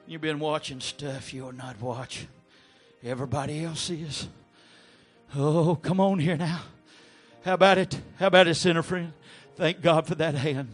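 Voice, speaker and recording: A man preaching an altar call, pleading and swinging from low murmurs to shouted appeals. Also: steady tone, unhurried, soft background music. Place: church sanctuary.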